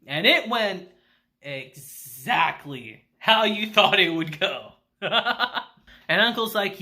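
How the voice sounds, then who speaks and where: Lively, laughing anime reviewer man. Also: high-pitched, slow pace. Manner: animated, laughing often, slangy. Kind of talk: casual video review.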